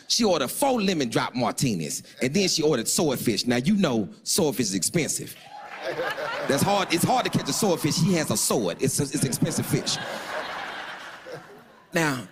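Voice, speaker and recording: A man doing stand-up, telling a dating story with animated delivery and loud bursts while acting out the people in it. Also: mid-range voice, in a large hall. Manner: animated, acts out other voices, loud bursts.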